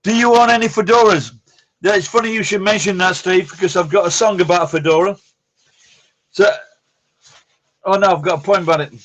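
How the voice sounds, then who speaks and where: High-voiced, foul-mouthed man. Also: brisk, pauses often. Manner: rambling, blunt and heavily profane. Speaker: live-stream host answering chat. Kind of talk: casual live-stream chat.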